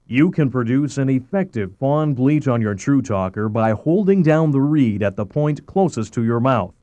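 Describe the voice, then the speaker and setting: A man narrating a scripted instructional voice-over, giving calm step-by-step directions. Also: medium pitch, normal speed, no room sound, dull audio.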